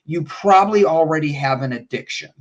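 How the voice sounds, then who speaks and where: A middle-aged man talking casually on a podcast, slightly high for a man. He tells stories with lots of energy and drops into voices when he quotes people. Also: fairly quick, muffled recording. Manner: animated storyteller, acts out quotes in voices. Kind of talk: casual chat.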